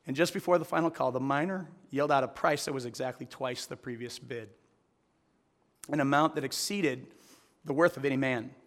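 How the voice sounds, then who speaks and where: A man preaching a sermon to a live audience, telling a story and then asking the audience earnest direct questions. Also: medium pitch. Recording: long hall reverb.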